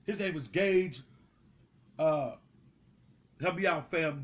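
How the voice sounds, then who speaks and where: Young guy w a high voice going off, cussing a lot, street commentary rant. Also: slow pace, pauses often. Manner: heated, confrontational, swearing, repeating himself. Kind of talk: profane street commentary to camera.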